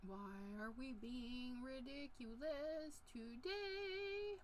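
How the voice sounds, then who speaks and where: A woman's voice: high voice, drawn-out words, soft background music, low-quality recording. A woman hosting a casual craft livestream from her craft room, chatting and greeting viewers by name as she works. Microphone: desk microphone with a level meter.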